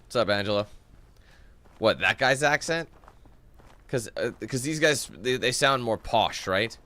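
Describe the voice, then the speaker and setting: A man's voice: medium pitch, lively intonation, a little slow, pushed and bright. A man giving casual let's-play commentary, rambling and swearing with jokey asides. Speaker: gaming commentator.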